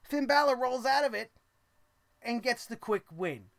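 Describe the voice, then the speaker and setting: A man's voice: very high voice, animated, unhurried, gravelly, fairly bright tone, no echo, studio quality. A man hosting a wrestling recap show, ranting sarcastically and swearing, mocking people in put-on voices. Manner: sarcastic, profane, mocking impressions.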